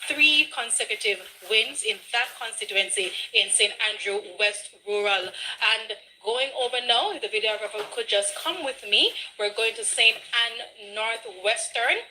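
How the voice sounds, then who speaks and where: A Jamaican woman news presenter with a very bright, forceful voice, pitched a little high. She moves briskly through numbers and updates, with the odd filler between them. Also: a little hiss or hum, rough recording. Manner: brisk, reading out figures, occasional fillers. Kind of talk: live election results broadcast.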